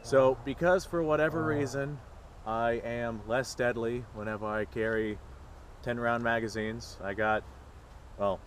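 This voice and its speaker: A man's voice: mid-range voice, fairly even intonation, measured pace, a little hiss or hum. A man making a sarcastic, mock-serious vlog outdoors at a shooting range. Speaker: gun vlogger.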